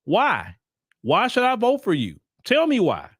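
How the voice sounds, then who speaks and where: A man's voice: high-pitched, huge pitch swings, unhurried, husky, dry recording, studio quality. A man hosting a solo political commentary show, talking emphatically and firing off repeated rhetorical questions, with sarcastic asides while browsing websites on screen.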